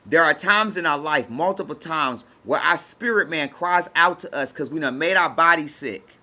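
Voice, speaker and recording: Emphatic woman preaching with lively pitch. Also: moderate pace. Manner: emphatic, colloquial, repeats phrases for effect. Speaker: spiritual teacher. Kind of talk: preaching to an audience.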